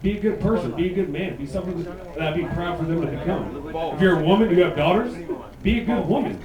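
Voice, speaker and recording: Thirties guy doing crude stand-up, fairly high voice, roomy club sound, crowd laughing. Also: animated, fast. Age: 30s. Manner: profane, loud punchy delivery with mocking put-on voices. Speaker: stand-up comedian. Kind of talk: stand-up comedy set. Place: comedy club stage. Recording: echoey club, mic heard from a distance, laughing crowd.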